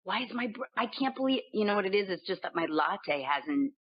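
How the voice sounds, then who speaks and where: A voice actress in her forties, chatting in an interview, animated and laughing, often restarting her sentences as she searches for words. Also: mid-range voice, a little fast. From United States. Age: 40s. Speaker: voice actress guest. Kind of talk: casual interview chat. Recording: dull lo-fi sound.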